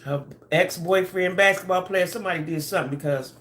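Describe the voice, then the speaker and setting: A woman's voice: lowish voice, a little fast, a bit bright. A woman hosts a casual gossip livestream from her home desk. She talks in a loose, chatty way with Southern vernacular and greets viewers by name as they come in. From Southern United States. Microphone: camera and ring light at desk.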